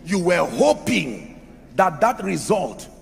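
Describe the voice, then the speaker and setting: Emphatic preacher in a ringing hall. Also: male voice, sits high, very animated, takes it slowly, creaky, a little hiss or hum. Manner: emphatic, rhetorical questions. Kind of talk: sermon. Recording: echoey hall with music under.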